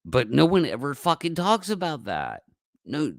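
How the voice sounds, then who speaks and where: A man hosting a casual livestream, talking in a rambling, profane way that swings from mumbled asides to loud outbursts, on a close mic. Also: a little high, huge pitch swings, moderate pace, no echo. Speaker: livestream host.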